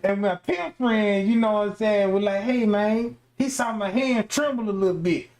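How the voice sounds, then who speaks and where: A man's voice: high-pitched, animated, normal speed, a little mellow. A man telling a rambling, profane comic story in slangy street talk, full of fillers like "you know what I'm saying".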